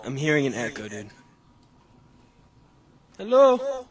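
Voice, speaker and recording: A young man hosting a podcast on a call, telling animated, profane stories in casual chat. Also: fairly high pitch, slow. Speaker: podcast host.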